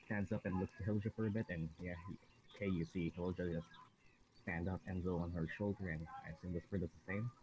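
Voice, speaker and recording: Low-voiced man running a tabletop game. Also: steady tone, quick pace, a little mellow, slight background noise, rough recording. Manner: rambling, self-correcting, often laughing. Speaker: dungeon master.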